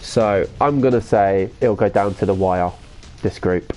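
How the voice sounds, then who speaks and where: A man, chatting casually as a live streamer, reacting excitedly and reading viewer comments aloud. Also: on the low side, a little slow, faint music behind. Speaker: gaming streamer.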